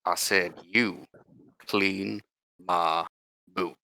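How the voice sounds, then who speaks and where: A man's voice: low voice, fairly even intonation, drawn-out words, vocal fry, bright, forceful tone, full character voice. A man doing a drawling bully of a fleet officer. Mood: menacing.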